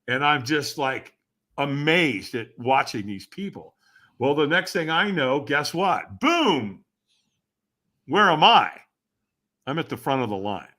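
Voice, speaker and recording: A man as a podcast guest, telling a personal story in an animated way, acting out other people's voices and asking the listener rhetorical questions. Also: medium pitch, measured pace. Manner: animated, acts out quoted voices with sudden shouts.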